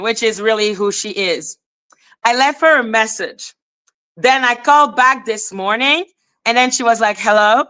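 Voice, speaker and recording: High bright-voiced woman telling a story. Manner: animated, laughing, profane, breaks into shouts. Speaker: host. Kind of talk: casual livestream storytelling.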